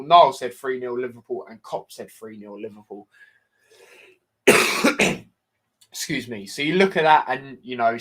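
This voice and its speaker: Chatty young football lad. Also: male voice, medium pitch, a bit bright. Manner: chatty, filler-heavy, says "do you know what I mean" often. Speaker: football podcast host. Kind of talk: casual football predictions chat.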